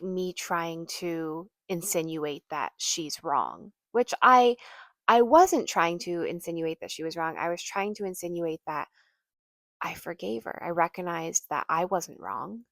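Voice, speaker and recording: Woman, young adult, podcast host, earnest storytelling, low-ish pitch, dry close sound. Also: a little slow, gravelly, fairly bright tone, no echo. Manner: earnest, many fillers and restarts. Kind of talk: personal storytelling.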